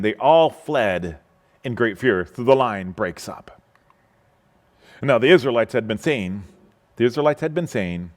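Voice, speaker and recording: A male pastor preaching a sermon, retelling a Bible story with animated storytelling and by acting out its characters. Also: mid-range voice, a little slow.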